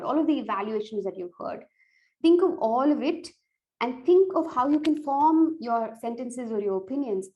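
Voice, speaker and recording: A woman's voice: mid-range voice, warm tone, lo-fi sound. A woman giving earnest, direct tips on evaluating speeches, restarting phrases as she goes. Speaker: speech contest coach.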